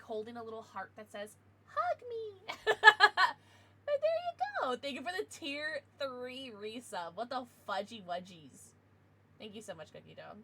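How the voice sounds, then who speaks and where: A woman's voice: high voice, a bit bright. A woman livestreaming, chatting casually with her viewers in a bubbly, giggly way with playful baby-talk asides.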